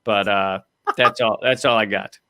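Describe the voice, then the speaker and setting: A man's voice: lowish voice, steady tone, unhurried, bright, forceful tone, dry recording, clean studio sound. A man hosting a casual political comedy chat, wry and loose, with lots of fillers. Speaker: host.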